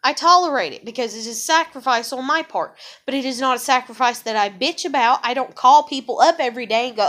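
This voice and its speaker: This vlogger's high, a bit bright voice moves with lively intonation, a little fast and with hardly any pauses. She rants angrily at the camera, circling back over the same points and cursing heavily throughout her profane monologue.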